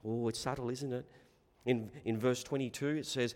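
A man preaching a sermon in short, deliberate phrases with long pauses. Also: mid-range voice, steady tone, darkish tone, in a large hall.

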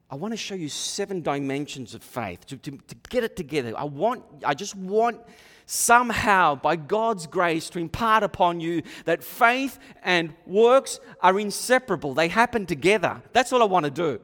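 A man preaching a sermon, animated, repeating himself and acting out quoted voices. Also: fairly high pitch, moderate pace. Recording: long hall reverb.

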